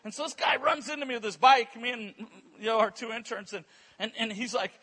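A guest preacher with a very high, bright, slightly husky voice tells stories during a church service sermon. He's animated and lively, tripping over repeated words in quick bursts as he builds momentum.

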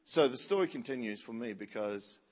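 A man preaching a story-driven sermon, animated and laughing, acting out what people said. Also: medium pitch, fairly quick. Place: church hall. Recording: long church-hall reverb.

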